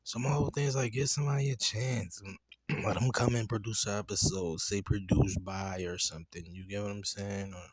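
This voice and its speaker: Man, low voice, AAVE, casual profane show-review rant, laughs easily. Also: breathy edge, dry recording. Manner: loose, chatty, profane storytelling with laughs.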